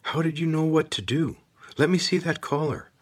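A man's voice: on the high side, normal speed, pitched above the performer's own voice, lightly acted. A man reading a storybook voices an anxious young boy who pleads and asks urgent questions. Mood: pleading.

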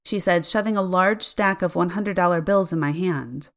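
A woman tells a first-person story in an audiobook reading, her voice slightly low. She narrates with expressive storytelling and acts out the dialogue as she goes. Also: normal speed, few pauses.

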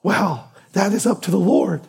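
A middle-aged man preaching as a guest pastor with a hoarse, husky voice from losing it, speaking earnestly and repeating phrases for emphasis. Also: high voice, expressive, normal speed, darkish tone. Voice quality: husky, raspy. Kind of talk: sermon. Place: church sanctuary.

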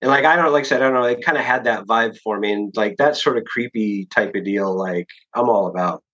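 Man, author guest, lowish voice, rambling casual talk, fillers, dull lo-fi sound. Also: fairly quick. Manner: relaxed, rambling, many fillers and restarts. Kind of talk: casual podcast interview.

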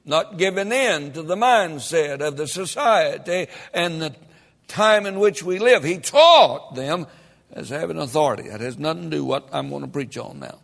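A man preaching a sermon as pastor, reading scripture and building emphatically to loud peaks. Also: fairly high pitch, animated, moderate pace, gravelly. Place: church sanctuary. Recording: long hall reverb.

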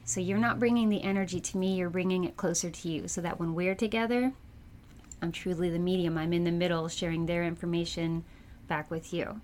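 A woman speaking as a psychic medium in a casual interview, telling her stories in a chatty, animated way and laughing often. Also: lowish voice, fairly quick, a little hiss or hum.

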